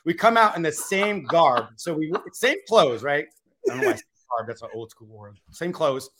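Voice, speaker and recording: A man speaking as a podcast guest in casual chat, telling a story with lively energy. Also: a little high, moderate pace.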